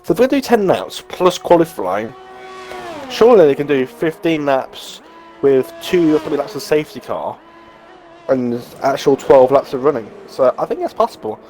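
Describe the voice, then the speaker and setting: A man's voice: on the high side, very animated, moderate pace, darkish tone, faint music behind. A man co-commentating on a live online racing league, working through tyre and race strategy in a chatty way.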